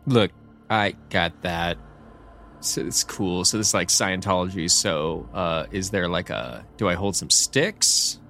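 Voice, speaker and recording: Man, tabletop player, deep gravelly voice, animated intonation, faint music. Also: measured pace. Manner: casual, joking, hesitant with many "like"s. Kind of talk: casual tabletop role-play.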